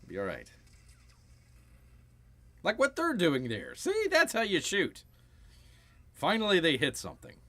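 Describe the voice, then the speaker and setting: A man hosting a relaxed watch-along, riffing wryly on the action on screen. His voice sits fairly high and swings widely in pitch as he jokes. He keeps it loose and playful. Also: a little slow, long pauses. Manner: jokey, wry, often slips into silly voices. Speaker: streamer, host. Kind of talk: casual movie watch-along commentary.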